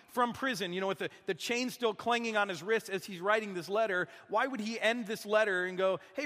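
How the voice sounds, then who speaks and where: High-voiced man preaching in a hall. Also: a bit bright. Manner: earnest, conversational, asks the crowd questions. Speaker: guest preacher. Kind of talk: sermon.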